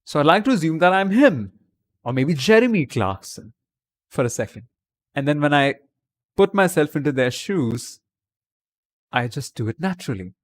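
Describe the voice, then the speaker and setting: A man's voice: on the high side, sing-song, moderate pace, long pauses, no room sound. A man from India chatting on a livestream from his home webcam. He answers viewers' comments and talks English in a put-on British accent. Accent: British accent put on by an Indian speaker. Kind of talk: casual livestream chat.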